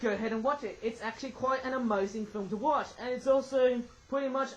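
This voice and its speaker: A man's voice: extremely high pitch, steady tone, fast talker, muffled recording. A man reviewing toys in a casual vlog, rambling and correcting himself, often tagging his sentences with "eh?". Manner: rambling, self-correcting, frequent tag "eh?". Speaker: toy reviewer.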